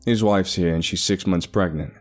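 A man's voice: deep voice, normal speed, soft background music. A man as a matter-of-fact rescue coordinator. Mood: practical. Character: male rescue coordinator, steady and practical.

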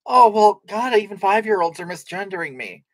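A woman performs a brash, boozy livestreamer who rambles through viewer comments and snaps back with sarcasm. Her mid-pitched voice sounds dry and close to the mic. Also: expressive, normal speed, fairly bright tone, no room sound. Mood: snarky. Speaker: livestream comedy character. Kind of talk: improvised comedic livestream chat.

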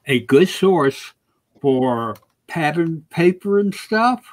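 A man's voice: on the high side, expressive, takes it slowly. A man in casual chat on a live craft stream, offering a friendly supply tip.

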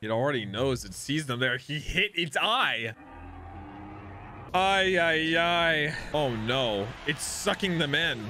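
A young man with a high-pitched voice hosts a casual anime reaction video, full of excited exclamations as he swings between hype and dismay. There's slight background noise.

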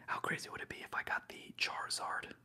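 A young man whispering through an ASMR livestream while opening trading card packs, slangy and excitable, bursting into loud hype now and then. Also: fast talker. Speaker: ASMR streamer.

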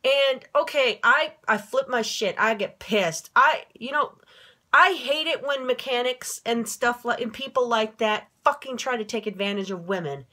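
Ranting, swearing woman with a higher voice. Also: moderate pace, pushed and bright. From Minnesota. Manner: rambling, swearing, frequent fillers and self-corrections. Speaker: vlogger. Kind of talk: casual venting vlog. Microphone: handheld phone camera, no tripod.

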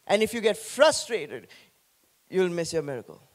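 A man pastor preaching an animated sermon, joking with the congregation. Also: high-pitched, moderate pace.

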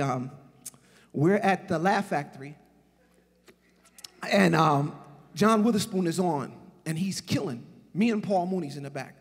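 A man in his forties giving a casual, laughing comic eulogy at a memorial service. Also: sits high. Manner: casual, laughing, animated storytelling. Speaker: eulogy speaker. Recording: reverberant hall, husky voice.

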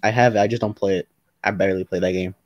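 A man streaming and chatting casually with friends, easily worked up and repeating himself when excited. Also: deep voice, racing, dry recording, muffled recording. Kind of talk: casual voice chat.

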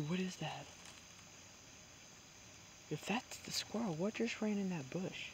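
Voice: medium pitch, expressive, normal speed, creaky, long pauses. A hunting vlogger, chatting to viewers and whispering while stalking in the woods. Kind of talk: chatty outdoor hunting vlog. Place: outdoors in woods. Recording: outdoor noise with crickets. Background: crickets and insects.

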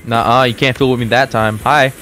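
A young man hosting a gaming video, chatting casually and trash-talking his friends in an excitable, playful way. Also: mid-range voice, fairly quick, faint music behind. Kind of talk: casual gameplay chat with friends.

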